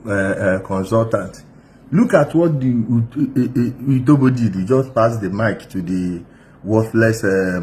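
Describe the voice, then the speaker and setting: A man's voice: lowish voice, darkish tone, slight background noise. Scornful male commentator. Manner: scornful, hesitant with fillers. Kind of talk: political commentary.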